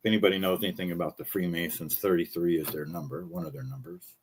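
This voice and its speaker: A man ranting in casual commentary, blunt and profane, his voice going hoarse as he talks. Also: deep voice, lively intonation, slight background noise. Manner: blunt, profane, fast-talking. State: losing his voice. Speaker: show host.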